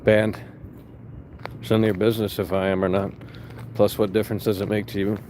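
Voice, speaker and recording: Young guy streaming from his car, lowish voice, swears a lot, rambly and sarcastic, faint traffic hum behind. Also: little pitch movement, brisk. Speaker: livestream host. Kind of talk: casual livestream chat reading viewer comments.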